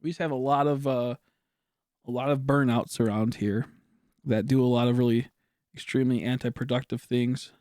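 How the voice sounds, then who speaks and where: A man's voice: medium pitch, steady tone, moderate pace, darkish tone, no room sound, clean studio sound. A man streaming, chatting casually with viewers in a rambling way, with lots of filler words and frequent swearing.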